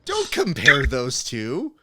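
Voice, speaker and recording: A man's voice: mid-range voice, wildly swooping pitch, slow, noisy background. A man hosting a podcast, teasing his guest in casual chat and asking long, winding questions. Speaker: podcast host.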